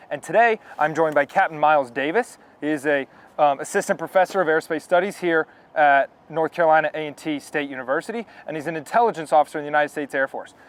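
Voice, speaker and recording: A young man hosting a podcast interview, upbeat and encouraging with his guest. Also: a little high. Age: young adult. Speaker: student host.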